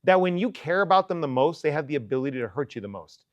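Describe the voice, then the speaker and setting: Man, youth preacher, casual joking sermon, high voice, dry close sound. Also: sing-song, fast talker, dry recording, dull audio.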